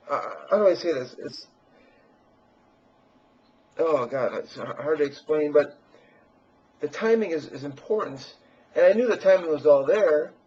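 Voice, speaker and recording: Man with a fairly high, husky voice, rambling crudely and boastfully to camera on a dull lo-fi mic. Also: darkish tone. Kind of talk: rambling personal monologue.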